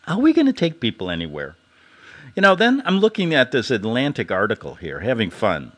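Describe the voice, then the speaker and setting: A man's voice: mid-range voice, huge pitch swings, fairly quick, a bit bright. A man hosting a podcast, delivering a sarcastic satirical monologue and laughing at his own jokes. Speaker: podcast host.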